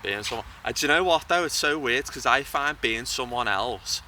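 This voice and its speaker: A man's voice: medium pitch, lively intonation, moderate pace, bright, forceful tone, a little hiss or hum. A young man talking casually as an interview guest, hesitant and often repeating words as he thinks, outdoors by a bridge. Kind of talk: casual chat.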